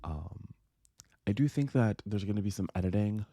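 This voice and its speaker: A man recapping a book in a casual vlog, telling it with animated, profane storytelling and quick bursts of quoted voices. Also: on the low side, gravelly, slightly rough, no echo, clean studio sound. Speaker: book vlogger.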